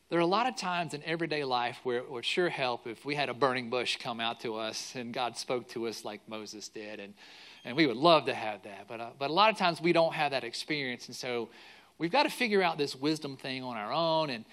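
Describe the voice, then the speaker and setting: Bright-voiced man telling a sermon story. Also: medium pitch, brisk. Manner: animated storyteller acting out quotes. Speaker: pastor.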